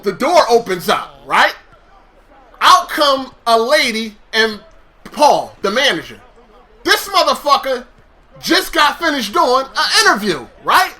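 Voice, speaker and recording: A young man with a high, bright voice tells a story to the camera. He is animated and swears freely, acting out each back-and-forth himself. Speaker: vlogger telling a story. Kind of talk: casual storytelling.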